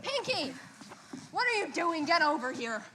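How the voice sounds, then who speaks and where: A woman's voice: sits high, big pitch swings, moderate pace. A young woman improvising as a rebellious pinky finger, talking playfully and scolding by turns. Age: young adult. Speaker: improv performer. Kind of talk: live improv scene. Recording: noisy live hall with crowd.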